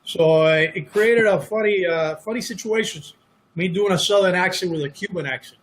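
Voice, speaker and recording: A middle-aged man with a notably high speaking voice talks casually as an interview guest. He tells stories from his acting career in a loose, self-deprecating way and drops jokes at his own expense. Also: normal speed. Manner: self-deprecating, joking storyteller. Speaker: actor guest.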